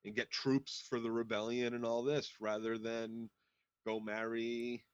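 A man co-hosting a casual TV recap podcast, explaining the story in a measured way. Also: medium pitch, flat delivery, no room sound. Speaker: podcast co-host. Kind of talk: casual chat. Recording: dry, slightly dull sound.

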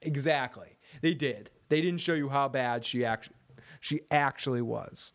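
A man's voice: mid-range voice, a little slow. A man hosting a casual TV recap show, joking and swearing as he rambles and reads chat comments. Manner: profane, joking, rambling with frequent laughs. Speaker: podcast host reading chat comments.

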